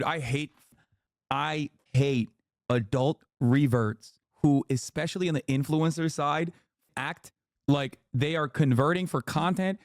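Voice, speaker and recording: A man's voice: a little high, no echo. Heated ranting man, dry and close. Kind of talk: ranting commentary.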